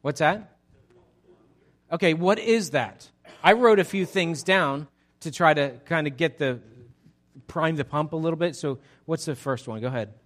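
A man's voice: on the high side, a little slow, pauses often. Upbeat pastor man, chatty sermon. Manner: energetic, chatty, frequent restarts. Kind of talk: interactive sermon.

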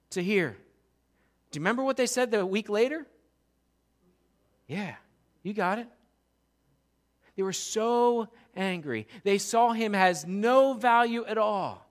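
Male pastor, high-pitched, animated sermon storyteller. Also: measured pace, pauses often. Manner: animated storytelling, acts out crowd voices.

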